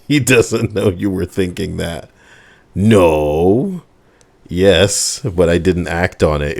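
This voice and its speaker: A man playing a video game, reading its dialogue aloud in a low-key drawl with sighs and cursing. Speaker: let's play gamer.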